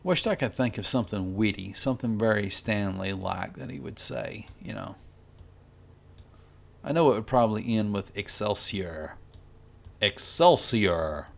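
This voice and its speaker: A man's voice: fairly low pitch, normal speed, vocal fry. A man who makes comics, talking casually and rambling while he colors, with lots of "you know" and restarts. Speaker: comic artist vlogger.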